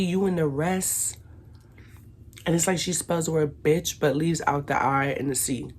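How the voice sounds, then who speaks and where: A woman from Brooklyn, telling a casual storytime to her viewers and acting out the shouting in it. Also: sits low, slightly rough. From Brooklyn, New York. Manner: animated, acts out shouted quotes. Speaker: vlogger.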